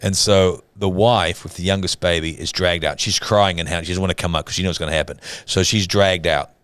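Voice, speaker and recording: Deep-voiced man telling a dramatic story. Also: steady tone, fairly quick, a bit bright, clear, resonant tone, dry recording. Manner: dramatic storyteller, acts out quotes. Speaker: church podcast co-host. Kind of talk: casual storytelling chat.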